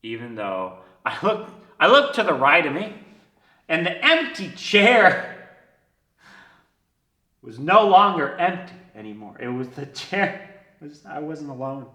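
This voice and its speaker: A man with a flu telling a personal story in a casual way. He swears a lot, laughs between lines and swings from loud to hushed. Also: on the high side, big pitch swings, measured pace. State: sick with a flu. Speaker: online business coach telling his story. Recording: echoey room.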